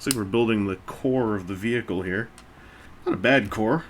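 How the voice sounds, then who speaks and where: Speaking at a moderate pace in a fairly low voice, with a little hiss or hum on the recording, a man hosts a toy-building video. Seated indoors at a table with a brick set, he rambles casually, full of asides and self-mocking humor.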